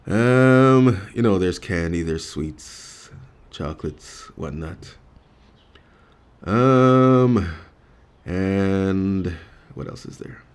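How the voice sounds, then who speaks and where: Male podcast co-host, very low voice, casual comedic rambling, lots of ums. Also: expressive, clear, resonant tone. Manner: rambling, joking, halting with many fillers.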